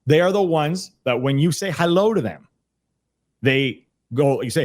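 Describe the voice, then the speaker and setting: Speaking through his computer on a video call, a sales trainer guests on a podcast with a casual, conversational explanation. His voice is fairly high, animated, unhurried and a little mellow, and he keeps repeating words and starting over with energy.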